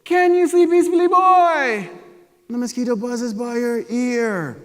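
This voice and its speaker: A man putting on his stern, wise older father from West Africa, speaking with a Sierra Leonean accent and a slow, weighty, commanding delivery. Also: very high voice, fairly bright tone, voice pushed up. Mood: instructive. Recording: reverberant hall.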